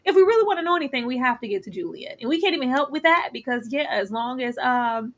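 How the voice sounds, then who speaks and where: This is a woman hosting a casual online panel that reviews a television series. She speaks, and her manner is emphatic and animated. Her voice sits high and sounds bright. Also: fast. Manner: animated, emphatic, acts out quotes.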